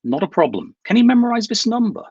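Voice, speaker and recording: A calm, businesslike woman handler gives brisk instructions over the phone, voiced by a gravelly-voiced man reading aloud. Her pitch sits slightly raised and lively, and the voice is husky in a dry room. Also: dry recording, dull audio, exaggerated voice.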